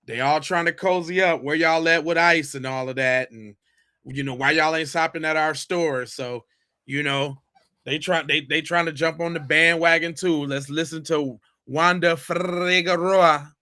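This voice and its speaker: Bright-voiced mocking podcast host, a man. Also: fairly high pitch, fairly even intonation, measured pace, dry recording, clean studio sound. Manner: slangy, mocking, jokey banter. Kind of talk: reaction commentary on viewer clips.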